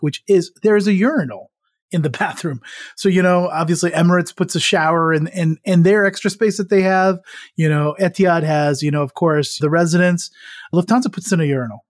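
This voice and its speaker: A man with a voice on the high side co-hosts a podcast, chatting casually at a fairly quick pace. He laughs often and keeps restarting his sentences, on a dry, studio-quality recording.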